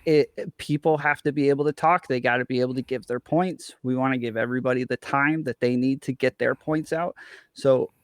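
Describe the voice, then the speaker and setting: A man hosting a live-stream panel who calmly tries to settle the guests and keep the discussion moving. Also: mid-range voice, brisk, smooth, dry recording. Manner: calm, placating, keeps order. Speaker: panel host and moderator.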